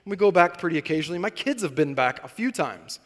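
A man's voice: high voice, lively intonation, fast talker, big-room sound. A man in his thirties preaching a sermon, telling stories in a conversational way with asides to his listeners. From Arkansas, raised in California. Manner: conversational storytelling with asides to the congregation. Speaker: pastor.

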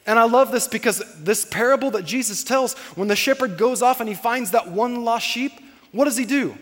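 A man's voice: extremely high pitch, normal speed, a bit bright, big-room sound. A male pastor preaching a sermon in a conversational, emphatic way, repeating his key points.

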